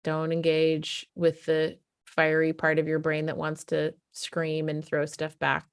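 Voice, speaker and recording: A woman's voice: low voice, monotone, a little slow, gravelly, clear, resonant tone, no echo, clean studio sound. A woman parenting coach giving casual, emphatic advice and acting out what a parent might say to a child. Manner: conversational and emphatic, acts out what a parent would say. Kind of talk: casual advice talk to camera.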